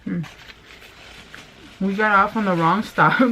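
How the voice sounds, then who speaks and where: A woman's voice: medium pitch, slow pace, pushed and bright, a little hiss or hum. A young woman from Mexico telling a rambling, casual story while eating, swearing freely and laughing now and then. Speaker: vlogger.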